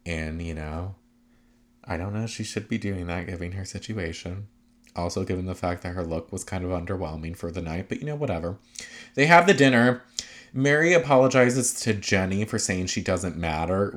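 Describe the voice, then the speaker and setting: A man giving a casual, gossipy recap of a reality show, chatty and full of fillers, with sarcastic asides. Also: low-pitched.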